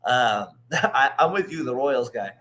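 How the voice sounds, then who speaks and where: A man with a bright, clear voice co-hosts a loose baseball chat show. He rambles through his stories, laughing often and slipping into quoted voices. His pitch sits in an ordinary middle range. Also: lively intonation, unhurried. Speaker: co-host. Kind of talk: casual sports chat.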